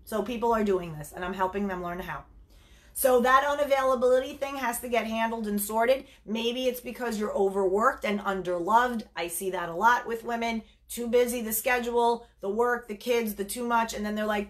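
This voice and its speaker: A woman dating coach giving emphatic, animated advice straight to the camera, calling viewers honey. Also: on the high side, moderate pace. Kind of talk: direct-to-camera advice talk.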